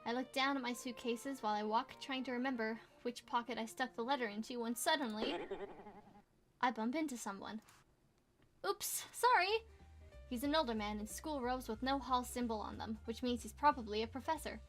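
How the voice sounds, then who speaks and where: A young woman reading a game's story aloud in a casual let's play, dropping playful asides. Her voice sits high. Faint background music plays. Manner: playful, quick asides and exclamations. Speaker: gamer reading a visual novel aloud.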